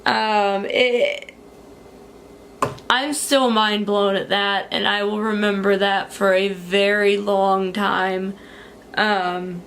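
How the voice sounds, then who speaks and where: A woman's voice: medium pitch, fairly bright tone, slight background noise. A young woman telling a story in a casual vlog, chatty, with many fillers and frequent laughs. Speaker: beauty vlogger.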